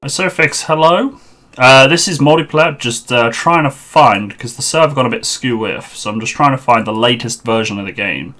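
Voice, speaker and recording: A man chats through a live game stream on a headset mic, his voice bright and forceful. He mutters along to himself as he fiddles with the setup, half to the viewers and half to the screen. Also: mid-range voice, moderate pace. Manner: chatty, muttering to himself while sorting out a server.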